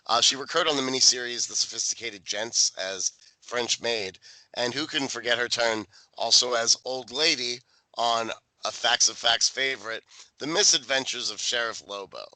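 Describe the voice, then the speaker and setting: Male co-host, sharp bright voice, dry sardonic trivia reader, no room sound. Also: mid-range voice, normal speed, no echo, rough recording. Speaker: podcast co-host. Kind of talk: casual chat reading out trivia.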